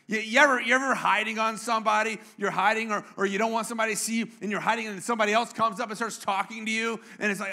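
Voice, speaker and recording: Man, pastor, high voice, bright tone, playful sermon, asks the crowd questions. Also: fast talker, few pauses. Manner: playful, engages congregation with questions. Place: church.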